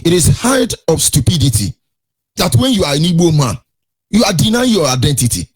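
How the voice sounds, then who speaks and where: A man's voice: a little high, sing-song, brisk, husky. A man with a Nigerian accent hosting a radio show, giving indignant commentary with repeated rhetorical questions and a sing-song lilt. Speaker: radio host.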